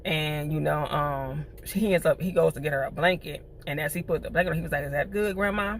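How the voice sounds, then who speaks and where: A woman recapping a TV episode in a chatty, animated way, full of slang. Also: low voice, quick pace, creaky, slight background noise. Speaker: TV show reviewer.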